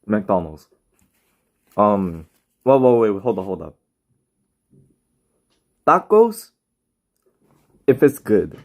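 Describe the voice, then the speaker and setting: A man's voice: fairly low pitch, animated, unhurried, long pauses, narrow, tinny audio. A man chatting casually on a live stream while reading chat, rambling with lots of fillers. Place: home, in bed.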